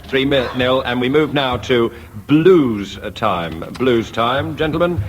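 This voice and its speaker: A man chairs a radio comedy panel game in a dry, deadpan manner, reading out rounds and scores with light irony. His voice sits in an ordinary middle pitch. The old broadcast recording carries a faint hiss. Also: slow pace. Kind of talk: dry scripted game hosting. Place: radio studio before an audience. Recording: 1970s radio archive.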